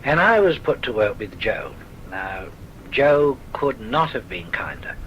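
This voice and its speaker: A man's voice: on the low side, very animated, unhurried, fairly bright tone, highs cut off, slight background noise. An older man with a southern English accent, genteel and wry, telling his memories for a recorded oral history. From south of England. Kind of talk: recorded reminiscence.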